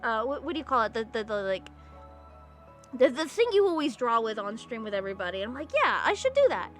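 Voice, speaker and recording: A young woman from California chatting casually with her viewers while drawing on stream, rambling, giggly and given to sudden excited squeals. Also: fairly high pitch, fast talker. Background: faint music.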